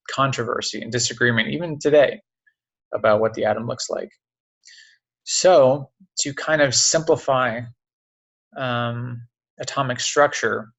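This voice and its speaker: A man teaching a science lesson online. He explains step by step, often pauses with "um" and checks in with "okay?". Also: mid-range voice, fairly bright tone, rough recording. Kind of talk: recorded online lecture. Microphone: computer mic on a video call.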